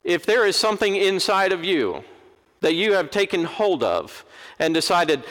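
Animated preacher in a reverberant church. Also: male voice, high-pitched, normal speed. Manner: animated, acts out quoted voices. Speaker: Episcopal preacher. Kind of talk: sermon. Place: large church.

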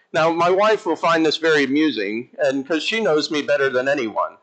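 A male Episcopal priest preaching in church with a lively, emphatic delivery, his voice sitting a little higher than most men's. He swings between quiet asides and animated bursts. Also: rough recording. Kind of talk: sermon.

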